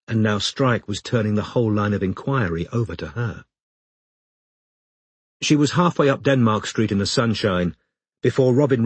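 A man reading a novel aloud as audiobook narrator, in steady, even storytelling. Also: lowish voice, slightly rough, no echo. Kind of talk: scripted narration.

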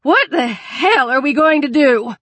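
A woman's voice: high voice, animated, unhurried, no room sound, voice pushed up. A woman doing a big gray-haired woman bawling. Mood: frantic. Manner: loud, bawling, harsh commands. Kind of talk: audiobook character voice.

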